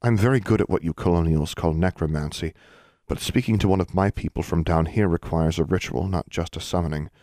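A man voicing a guarded teenage necromancer girl who speaks quietly and grudgingly in an audiobook. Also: sits low, brisk, dry recording, studio quality, close to an everyday voice. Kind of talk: audiobook character voice.

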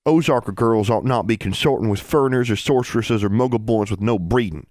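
A man's voice: fairly low pitch, a little fast, a little mellow, dry recording, clean studio sound, pitched above the performer's own voice, lightly acted. A man voicing an arrogant, sneering older teen boy who talks in old-fashioned backwoods speech.

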